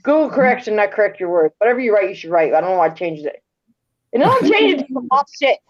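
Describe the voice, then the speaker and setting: A woman hosting a casual voice chat, telling stories with animated, swearing delivery and acting out quoted lines. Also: medium pitch, quick pace, highs cut off. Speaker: host of a live voice chat room.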